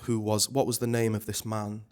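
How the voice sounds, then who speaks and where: A man, a stage actor, talking as a guest in a casual interview, animated and chatty with many restarts. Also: lowish voice, normal speed, smooth.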